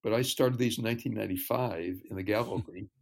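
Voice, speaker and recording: A man talking as a ministry guest in an interview, earnest and measured, telling stories. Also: lowish voice, creaky. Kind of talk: casual interview chat.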